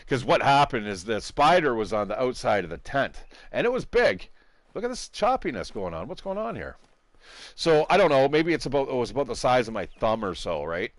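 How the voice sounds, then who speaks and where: A man's voice: medium pitch, big pitch swings, fairly quick, no room sound. A middle-aged man giving casual, rambling gameplay commentary, swearing and laughing a lot. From Southern Ontario, Canada. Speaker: gaming channel host.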